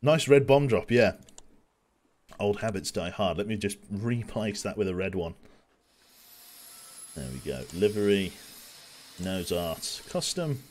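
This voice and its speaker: Brief: young male gameplay streamer, low-pitched and animated, casual joking chat. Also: unhurried, pauses often, slight background noise. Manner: chatty, joking, talks to chat while playing. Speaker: video game streamer.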